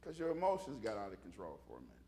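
A man's voice: fairly low pitch, wildly swooping pitch, racing, dark tone. A middle-aged male pastor, preaching a folksy sermon full of stories and calls for amens. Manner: folksy storytelling with call-and-response.

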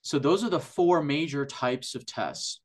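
A man's voice: fairly high pitch, measured pace. A man who works in functional medicine, a guest on a podcast interview, explaining at length with enthusiasm and frequent restarts.

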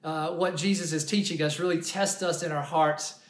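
Brief: male pastor, high voice, earnest storytelling sermon, roomy echo. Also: steady tone, normal speed. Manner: earnest, storytelling, frequent restarts.

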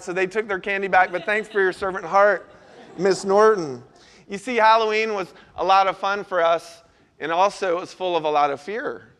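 A man pastor giving a sermon, telling a story with animated asides before laying out his points. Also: high voice.

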